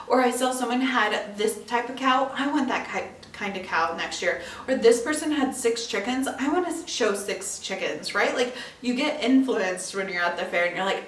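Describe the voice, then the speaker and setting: A young woman podcast host from northeast Iowa talks in a lively, chatty way and laughs often. Her voice sits at a middle pitch. She is a little far from the mic, and the room adds a noticeable echo. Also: moderate pace. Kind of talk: solo podcast monologue. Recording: roomy echo, mic a bit distant.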